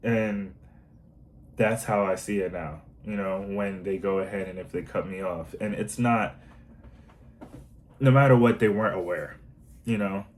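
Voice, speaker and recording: Earnest rambling man, low voice. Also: measured pace, pauses often, a little hiss or hum, rough recording. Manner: earnest, rambling, many fillers. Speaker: self-help vlogger. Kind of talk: casual monologue.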